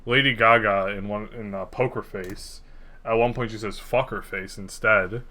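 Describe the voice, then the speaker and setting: A man's voice: fairly low pitch, steady tone, moderate pace, bright, forceful tone. A young man co-hosting a podcast in a casual, rambling chat, cursing freely. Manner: rambling, laid-back, swears freely. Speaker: podcast co-host.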